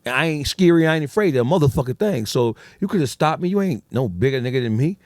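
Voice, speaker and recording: Man, guest on a podcast, talks quick and swears a lot, dry close sound. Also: mid-range voice, expressive, darkish tone, dry recording. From Detroit, USA. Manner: profane, street slang, acts out quoted dialogue. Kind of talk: casual storytelling.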